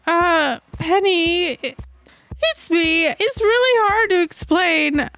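A woman playing her character in a tabletop game, speaking hesitantly in halting bits. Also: extremely high pitch, a bit bright, dry recording, soft background music. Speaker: player.

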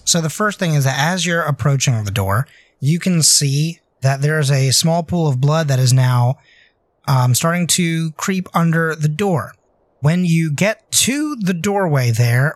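A man's voice: a little high, no room sound. A man running a tabletop game as game master, narrating loosely with many hesitant fillers.

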